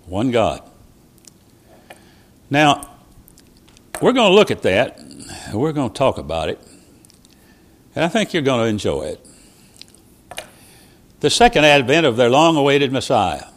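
A man preaching a sermon as a traveling preacher, telling stories with quoted dialogue and sudden loud rises and soft drops. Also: medium pitch, very animated, measured pace, long pauses.

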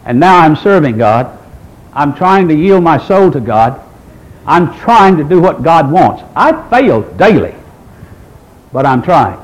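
A man's voice: a little high, big pitch swings, unhurried, rough recording. A man in his sixties preaching a sermon, quoting scripture and asking the congregation rhetorical questions in an emphatic way. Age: 60s. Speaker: pastor.

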